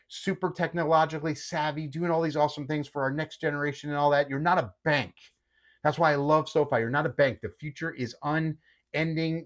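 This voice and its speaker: A man hosting his own channel, talking casually and animatedly about a stock's day, tagging many remarks with "okay". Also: mid-range voice. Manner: animated, repeats okay often. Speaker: host. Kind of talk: casual market commentary.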